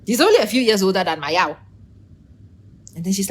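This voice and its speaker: A middle-aged woman giving a casual, animated opinion monologue, preachy and teasing, calling out to viewers by name. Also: mid-range voice, a little fast, husky. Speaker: vlogger.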